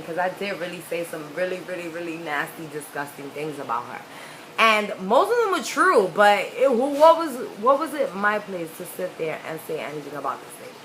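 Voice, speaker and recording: A woman's voice: fairly low pitch, very animated, normal speed. A young woman telling a personal story in a casual, candid, profane way, rambling with lots of "like"s. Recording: faint background noise.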